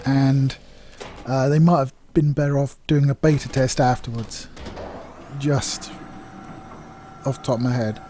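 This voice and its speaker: A man talks through a video game review in a relaxed, rambling way, with many fillers. His voice is warm and mellow and sits at a middle pitch. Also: a little hiss or hum. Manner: candid, chatty, rambling with fillers.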